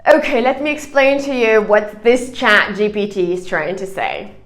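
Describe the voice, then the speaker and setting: A woman's voice: medium pitch, normal speed, roomy sound. A woman teaching English online, explaining grammar step by step and reading answers aloud.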